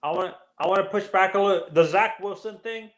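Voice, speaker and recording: A man in a casual sports chat, building his point in halting starts and restarts. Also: high-pitched, reverberant, low-quality recording.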